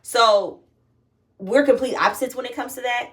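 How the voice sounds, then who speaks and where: A woman's voice: fairly high pitch, moderate pace, a bit bright, recorded from a distance. A young woman talking casually and candidly to her phone camera at home, swearing freely as she tells a personal story. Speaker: vlogger.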